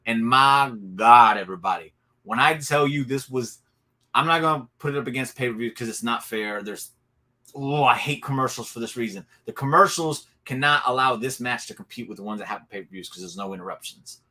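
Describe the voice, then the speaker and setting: A man talks through a wrestling recap in a loose, excited way, piling on asides and retelling the action. His voice is bright and forceful. He sounds like he is streaming from a home computer mic. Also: medium pitch, brisk. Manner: excited, animated storytelling with laughs and asides. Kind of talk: casual solo recap talk.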